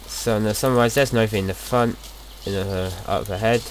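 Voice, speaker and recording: A man's voice: lowish voice, fairly even intonation, fairly quick, slight background noise. A young man casually talking through his gameplay as a video host, rambling and chatty, often restarting his sentences.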